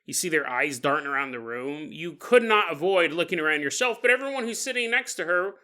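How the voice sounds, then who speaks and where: A man's voice: on the high side, lively intonation, a little fast, sharp tone. A man hosting a podcast, telling a paranormal story casually with joking asides. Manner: joking asides, chuckling between lines. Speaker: podcast host.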